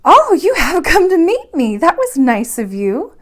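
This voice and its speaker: A woman voicing a sweet, steady young girl. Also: extremely high pitch, measured pace, voice pushed up, full character voice. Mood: warm. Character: brave, gentle young woman in love.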